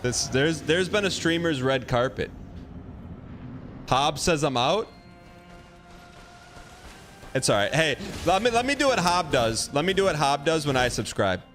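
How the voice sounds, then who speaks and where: A male game streamer talks casually in a rambling, joking way and reacts to his chat. His voice sits a bit high for a man, with faint game music playing behind him. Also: expressive, unhurried, pauses often, fairly bright tone. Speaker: gaming livestream host.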